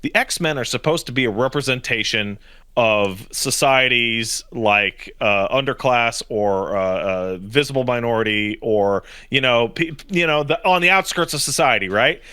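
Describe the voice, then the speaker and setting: A man co-hosting a podcast who rants bluntly and swears freely. His voice is bright and cutting, recorded close and dry. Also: medium pitch, moderate pace, clear, resonant tone, dry recording. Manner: blunt, profane, ranting. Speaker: podcast co-host. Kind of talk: casual podcast chat.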